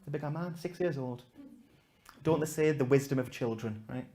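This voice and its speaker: Stand-up guy, self-mocking, mid pitch, goes loud then drops to near whispers. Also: normal speed. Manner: self-mocking, swings from loud punchlines to hushed asides. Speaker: stand-up comedian. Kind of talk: stand-up storytelling to a live audience. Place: comedy gig before a live audience.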